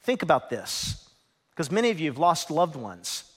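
Middle-aged pastor preaching, high lively voice, swings quiet to shouty, big hall reverb. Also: male voice, normal speed, breathy edge. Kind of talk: sermon. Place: large church hall. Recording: long reverb of a large hall.

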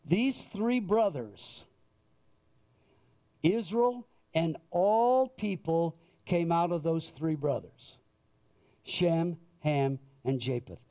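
A man preaching a sermon, reading and explaining scripture in a slow, deliberate manner. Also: a little high, mellow. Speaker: pastor.

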